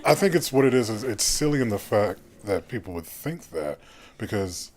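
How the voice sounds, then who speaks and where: A man's voice: lowish voice, expressive, moderate pace, a little mellow. A man co-hosting a casual podcast chat, laughing often and steering the discussion. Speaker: podcast co-host.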